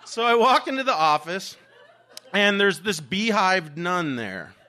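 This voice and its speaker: A man with a bright, forceful voice sitting a little high for a man tells a story from his own life. He is candid and animated, swears without a second thought and laughs along the way. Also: unhurried. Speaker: teacher telling a personal story. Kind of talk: personal storytelling monologue.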